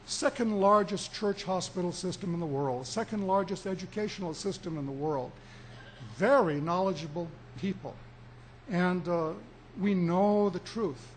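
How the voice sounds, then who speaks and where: A man preaching a sermon as pastor, with emphatic delivery and deliberate pauses that rise for emphasis. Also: high voice, a little hiss or hum.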